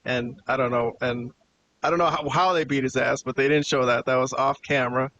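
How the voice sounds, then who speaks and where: A man's voice: mid-range voice, brisk, lo-fi sound, a little hiss or hum. A man hosting a podcast, casually recapping a wrestling show and acting out the quoted lines as he tells it. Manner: animated retelling with quoted dialogue. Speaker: podcast host.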